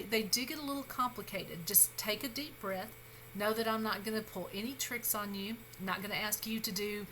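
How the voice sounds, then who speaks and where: A woman instructor talks through a recorded grammar lesson in a bright, clear voice. She is patient and reassuring and pauses on fillers and quick self-corrections. A faint room hum sits behind her. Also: mid-range voice, low-quality recording. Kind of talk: recorded lecture.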